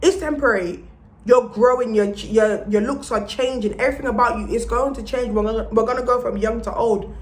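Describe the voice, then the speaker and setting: A young woman rants to her camera about self-love, blunt and profane, dropping into Jamaican-style patois. Her voice sits slightly high, and the room around her rings with echo. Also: fairly even intonation, a little fast. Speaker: vlogger. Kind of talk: motivational vlog rant. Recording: roomy echo.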